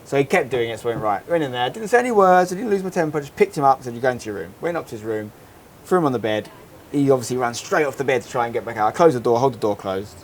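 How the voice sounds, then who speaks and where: Fast-talking man telling a story. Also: mid-range voice, slight background noise. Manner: animated storytelling, fast and rambling. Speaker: podcast co-host. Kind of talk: casual podcast chat. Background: faint outdoor holiday ambience.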